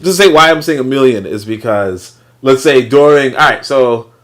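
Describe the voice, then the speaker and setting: A man's voice: medium pitch, lively intonation, moderate pace. Guy rambling thru a book reading, lots of likes and ums, kinda loose and blunt. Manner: rambling, loose, many fillers and restarts, swears. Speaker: host reading and commenting on a book. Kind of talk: casual livestream commentary.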